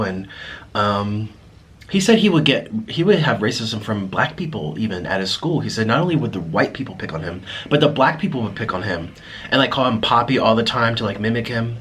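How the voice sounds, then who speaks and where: A man vlogging to camera, talking in a reflective, apologetic way with many restarts, pausing to eat. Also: lowish voice, lively intonation, fairly bright tone, slightly rough. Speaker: mukbang vlogger. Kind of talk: casual confessional talk to camera.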